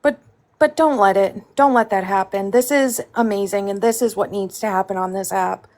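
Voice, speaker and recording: A woman's voice: medium pitch, moderate pace, darkish tone. A woman guest on a livestream, enthusiastic and encouraging. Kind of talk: livestream chat.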